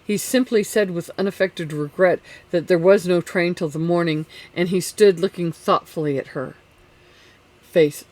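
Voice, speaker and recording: Measured audiobook narrator. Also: mid-range voice. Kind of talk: scripted narration of a classic novel.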